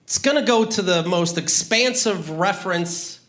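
A man doing a stand-up comedy routine, ranting profanely with sudden loud outbursts. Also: high-pitched, normal speed.

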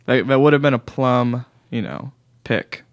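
A man's voice: mid-range voice, steady tone, measured pace, clean tone. A young man hosting a comedy podcast, delivering a dry, self-mocking monologue and chatting casually with his guests. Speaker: podcast host.

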